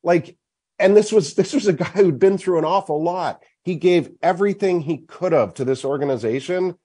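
A man's voice: high voice, moderate pace, dark tone, husky. Guy hosting hockey talk at a golf event, pushy and emphatic, lays out his case step by step.

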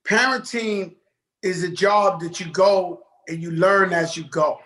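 Man, high voice, bright, laid-back rambling, slangy guest chat. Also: unhurried, rough recording. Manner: loose, rambling, streetwise slang. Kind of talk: casual interview chat.

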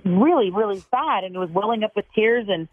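A woman's voice: mid-range voice, expressive, brisk, phone-quality sound. A woman calling in to a radio show, blunt and exasperated as she talks about a date. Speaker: caller. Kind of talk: phone call on a radio show.

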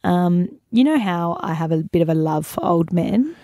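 A woman's voice: lowish voice, sing-song, moderate pace, mellow, no echo, clean studio sound. A young Australian woman co-hosting breakfast radio, telling stories in a bubbly, giggly way. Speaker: radio co-host.

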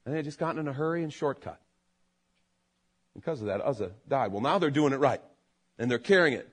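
A man preaching a sermon as pastor, animated, building to loud emphatic peaks and then dropping low. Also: quick pace.

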